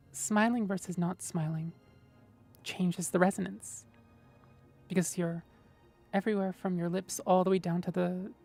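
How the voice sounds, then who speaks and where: A streamer host chats casually on a livestream, gently and thoughtfully explaining voice technique and often checking in with "right?" Her voice is on the low side and gravelly.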